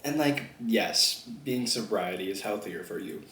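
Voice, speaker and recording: A man's voice: on the low side, lively intonation, measured pace, fairly bright tone. A young man vlogging a mukbang, chatting loosely between bites, swearing and laughing often. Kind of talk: casual chat while eating. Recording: echoey room, faint background noise.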